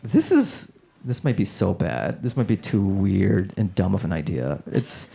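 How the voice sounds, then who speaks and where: A man's voice: deep voice, very animated, a little slow, vocal fry, warm tone. A man doing stand-up comedy, trying out new material in a loose, rambling way on a comedy club stage. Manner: loose, rambling, full of "like" fillers. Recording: live comedy club with crowd laughter.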